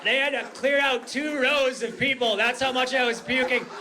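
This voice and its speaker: A male stand-up comedian telling a rambling story on a comedy club stage, dropping low and quiet before building up to shouting. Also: fairly even intonation, normal speed, crowd noise. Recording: live club recording with audience noise.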